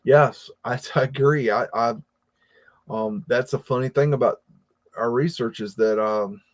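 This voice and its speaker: An American man hosting a live stream, chatting casually and reading viewer comments, with a rambling, halting delivery full of repeated words and fillers. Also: medium pitch. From United States. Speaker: livestream host reading chat.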